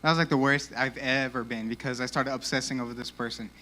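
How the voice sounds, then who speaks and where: A young man giving a casual, animated youth sermon in a church, peppered with "like," and a little out of breath. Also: medium pitch, fast talker. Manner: casual, animated, lots of 'like'. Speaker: youth speaker.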